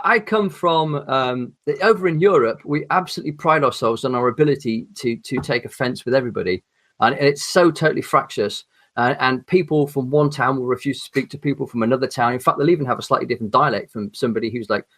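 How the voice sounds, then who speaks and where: An articulate man with an English accent, chatting as a podcast guest, pausing often with ums and restarts. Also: mid-range voice, a bit bright. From England. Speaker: podcast guest, horror author. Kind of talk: casual chat.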